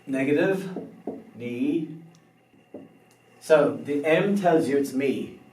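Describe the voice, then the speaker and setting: A man teaching a beginner language lesson, slow and careful, spelling out words letter by letter. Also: mid-range voice, animated, darkish tone. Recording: roomy echo, somewhat far from the mic.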